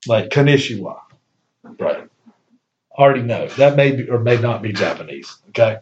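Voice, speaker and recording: A man's voice: medium pitch, lively intonation, normal speed, muffled recording. A man hosting a podcast in casual chat, rambling and enthusiastic, laughing easily. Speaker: podcast host.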